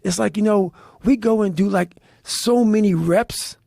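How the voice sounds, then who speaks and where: A man telling intense motivational stories as a podcast guest, swearing heavily and speaking with forceful emphasis. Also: sits high, unhurried, vocal fry, dry recording, clean studio sound. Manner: heavy profanity, forceful and emphatic.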